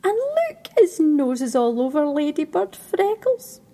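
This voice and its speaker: A woman's voice: high voice, big pitch swings, measured pace, mellow, voice pushed up, exaggerated voice. A woman voicing tiny adoring creeping creatures with piping, gushing voices in a whispered role-play story.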